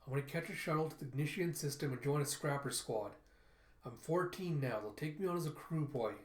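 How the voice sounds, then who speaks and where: Brief: earnest orphan boy, stubborn, read by a man, fairly high voice, echoey room. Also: brisk, lightly acted. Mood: determined. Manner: read-aloud comic dialogue, little voice change. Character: earnest orphan boy, later determined teen. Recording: roomy echo.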